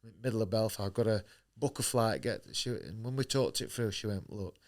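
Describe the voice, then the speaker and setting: Here the boxer speaks quickly in a lowish voice with a darkish tone. In this candid podcast interview he's blunt and profane, acting out the quoted dialogue as he goes.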